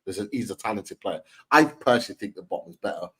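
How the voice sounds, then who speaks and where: A man's voice: on the low side, animated, quick pace, sharp tone, slightly rough. A man co-hosting a casual football podcast, rambling and repeating himself as he talks through players. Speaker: podcast co-host. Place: home, remote live stream. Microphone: video call mic.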